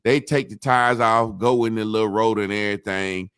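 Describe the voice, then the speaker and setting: A man's voice: lowish voice, fairly quick, clear, resonant tone, dry recording, clean studio sound. A man telling a long story in casual chat, swearing freely and acting out what others said. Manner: profane, animated storytelling, acts out quotes. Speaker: podcast co-host.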